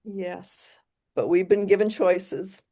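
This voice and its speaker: Woman, video-call guest presenter; soft, reflective, halting delivery, mid-range voice. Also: medium pitch. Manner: soft-spoken, reflective, trailing off and restarting. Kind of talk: casual video call chat.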